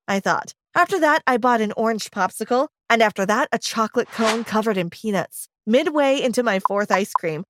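Woman telling a spooky farm story first person, kinda high voice, expressive.

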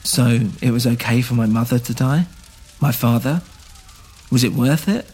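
A man's voice: medium pitch, moderate pace, a little mellow, slightly rough, faint music behind, close to an everyday voice. A man voicing an impassioned young man, an orphaned outsider who pleads earnestly and turns defiant, in a scripted audio drama. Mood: pleading.

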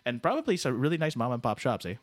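A man's voice: medium pitch, sing-song, fast talker, dry recording, studio quality. A man co-hosting a podcast, joking and teasing as he runs a quiz game. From Canada. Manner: joking, playful, teasing with silly voices. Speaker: podcast co-host. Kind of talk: casual chat, quiz game.

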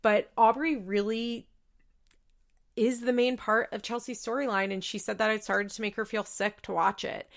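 A young woman hosting a podcast, recapping a reality show in rambling casual chat, emotional and quick to laugh. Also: mid-range voice, creaky, a bit bright. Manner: chatty, rambling, full of "like" and self-corrections.

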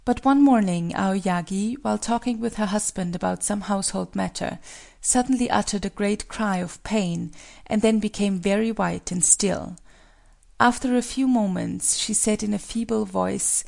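A woman reading a folk tale as scripted narration, in a measured, solemn way. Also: mid-range voice, vocal fry, darkish tone. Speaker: storyteller.

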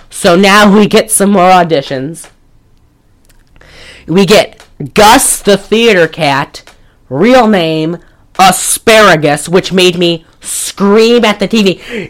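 A woman's voice: medium pitch, takes it slowly, low-quality recording. A woman hosting a podcast, chatting casually and jokily about a movie, with some swearing. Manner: animated, jokey, swearing, breaks into laughs. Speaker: podcast host. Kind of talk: casual movie-review chat.

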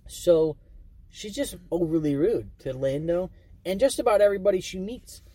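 Husky-voiced man reviewing movies. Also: high-pitched, normal speed, warm tone. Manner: rambling, retells scenes with silly voices. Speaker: podcast co-host. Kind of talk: casual movie review chat.

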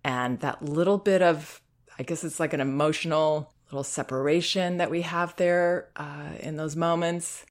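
A middle-aged woman hosting a parenting advice show, speaking in a calm, unhurried, reassuring way. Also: low voice. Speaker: parenting advice podcast host. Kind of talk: advice talk.

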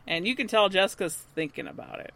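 A woman's voice: medium pitch, expressive, quick pace, fairly bright tone. A woman co-hosting a podcast, animatedly retelling a TV episode and laughing often. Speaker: podcast co-host. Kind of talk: casual episode recap.

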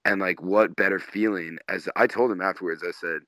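Laid-back male comic, low voice with a bright edge, casual cursing storyteller, dry sound. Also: fairly even intonation, fairly quick, hardly any pauses, no echo. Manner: laid-back, swears often, laughs through stories. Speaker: guest comedian and tour manager.

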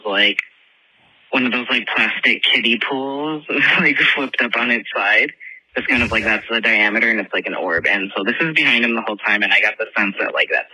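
In a recorded listener message, a man tells a long, rambling story casually, stuffing nearly every pause with filler words. His voice is fairly low and sharp-toned, with no echo but poor audio quality.

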